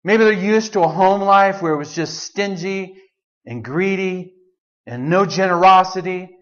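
High-voiced male pastor, chatty sermon delivery with quoted lines, dull lo-fi recording. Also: measured pace, a bit bright. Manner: conversational preaching, shifts into quoted voices of God.

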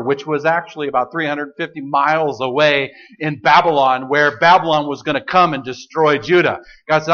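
A man's voice: a little high, lively intonation, fairly quick, hardly any pauses, fairly bright tone, dull audio. A male pastor preaching a sermon in a casual, joking storytelling manner.

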